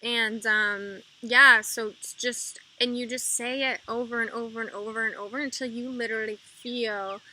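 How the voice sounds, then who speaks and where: A woman's voice: on the high side, fairly even intonation, moderate pace, few pauses, slight background noise, rough recording. A woman giving a casual spiritual energy update, rambling with lots of fillers. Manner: soft repetitive mantra chanting. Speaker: intuitive energy reader.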